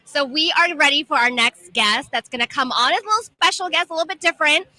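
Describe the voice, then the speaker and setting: Chatty lady host, high and really bright voice, rambling a bit at a live expo show. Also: expressive, fast talker, low-quality recording. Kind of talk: casual interview chat.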